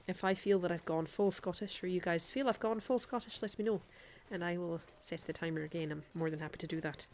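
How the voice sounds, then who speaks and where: A chatty woman streamer with a lowish voice, talking over her gameplay in a put-on Irish lilt. She laughs easily and speaks straight to her chat between moves. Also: fairly quick, darkish tone, slight background noise. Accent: put-on Irish accent. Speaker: game streamer. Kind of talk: live gameplay commentary.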